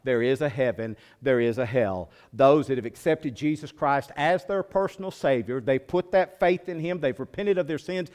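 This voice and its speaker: A male pastor preaching a sermon, moving from quiet low teaching to loud, high-pitched preaching. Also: normal speed, hardly any pauses.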